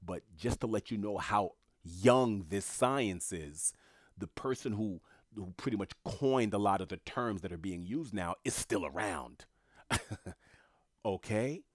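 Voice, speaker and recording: Deep voiced guy preaching his opinions, asks himself questions and answers em, hammers words over and over. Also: animated, unhurried, dry recording, clean studio sound. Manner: emphatic repetition, punchy short phrases. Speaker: commentator. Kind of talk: opinion monologue.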